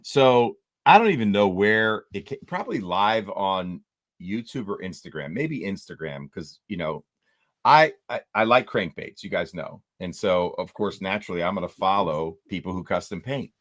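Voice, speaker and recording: A man with a fairly low voice hosts a casual live-stream chat. He is laid-back and peppers his talk with "man" and "dude". The sound is dry and close. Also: expressive, normal speed, a bit bright, dry recording. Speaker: host.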